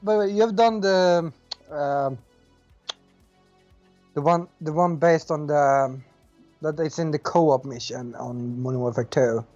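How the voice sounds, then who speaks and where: A man with a somewhat high voice chatting about games, halting and restarting as he searches for words and keeps asking questions. His mic sounds dull and lo-fi, with faint music underneath. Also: darkish tone. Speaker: podcast co-host. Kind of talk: casual chat.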